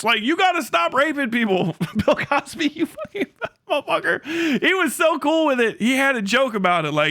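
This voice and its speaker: High, bright-voiced young man ranting. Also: moderate pace. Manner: profane, excitable, laughs often, slips into mock voices. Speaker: livestream host. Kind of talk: casual livestream rant.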